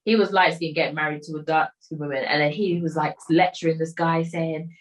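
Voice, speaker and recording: A woman's voice: sits low, steady tone, a little fast, low-quality recording. A woman, casually retelling a film plot in a rambling way, acting out the lines of the people in it. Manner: rambling retelling with quoted voices and filler. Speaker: storyteller recapping a film. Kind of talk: casual chat.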